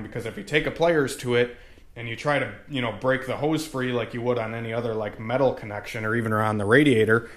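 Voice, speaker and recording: Bright-voiced young man rambling in a garage. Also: medium pitch. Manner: rambling, profane, many fillers. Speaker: car tuning vlogger. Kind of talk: casual garage walkthrough.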